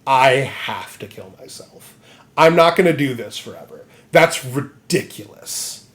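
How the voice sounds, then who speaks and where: A man's voice: mid-range voice, animated, measured pace, a bit bright. A man voicing a broken, bitter young male knight who seethes with hatred. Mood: weary. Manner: seething, hateful.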